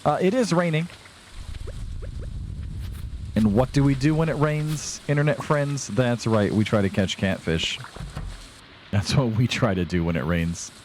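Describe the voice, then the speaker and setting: A man's voice: medium pitch, unhurried, pauses often, darkish tone, a little hiss or hum. A young man casually commenting on his farming game to viewers, chatty and self-deprecating, a bit tired and yawning. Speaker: let's play host.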